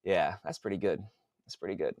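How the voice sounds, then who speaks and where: A man who writes books, talking casually in a podcast monologue, swearing a lot and working out sums out loud. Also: low-pitched, fairly quick, no room sound, highs cut off. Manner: profane, thinks aloud while doing math. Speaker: author.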